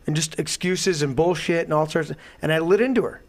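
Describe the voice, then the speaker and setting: A man hosting a talk show, delivering a heated, profane political rant that swings into loud outbursts. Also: on the high side, fairly even intonation, fast, hardly any pauses. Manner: profane, emphatic, swings to shouting. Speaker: show host.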